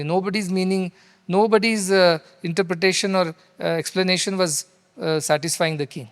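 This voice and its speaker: A man's voice: sits high, moderate pace. A middle-aged man, giving an earnest storytelling sermon with rhetorical questions and Sanskrit verses. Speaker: spiritual teacher. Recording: long hall reverb.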